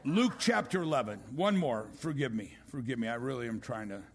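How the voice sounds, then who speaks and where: An older man preaching a sermon as a pastor, swinging from loud exclamations down to a hushed voice. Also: medium pitch, lively intonation, brisk. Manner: rising to loud exclamations, then dropping to a hush.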